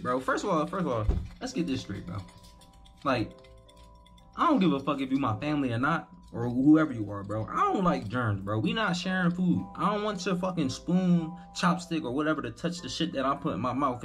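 A man's voice: on the high side, fairly bright tone. A young man giving rambling, profane, incredulous commentary while hosting a reaction video.

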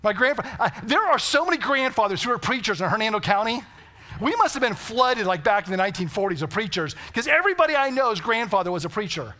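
A man's voice: sits high, very animated, fast talker, sharp tone. A man preaching a sermon, telling stories and asking the congregation rhetorical questions. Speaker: pastor. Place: church sanctuary.

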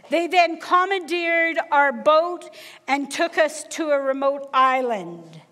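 A Canadian woman with a high voice serves as guest preacher in a reverberant church sanctuary. Her sermon weaves in personal stories, told animatedly with acted-out dialogue.

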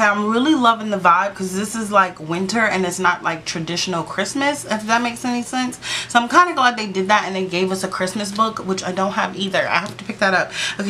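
A woman's voice: medium pitch, bright, forceful tone, a little hiss or hum. A woman vlogging a casual sticker book flip-through, chatty and gushing, with sassy playful asides to her viewers.

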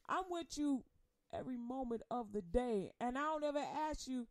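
In a clean studio recording with no room sound, a woman with a high, lively voice performs spoken word poetry at normal speed. Her rhythmic delivery sounds like preaching, and she speaks in the first person as Jesus, confronting listeners in a slangy, teasing way.

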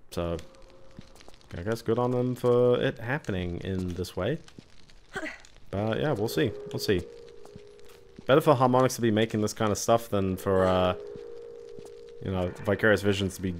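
Low-voiced man rambling through gameplay. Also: a little hiss or hum. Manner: rambling, thinking aloud while playing. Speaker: streamer playing a video game. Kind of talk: casual gameplay commentary.

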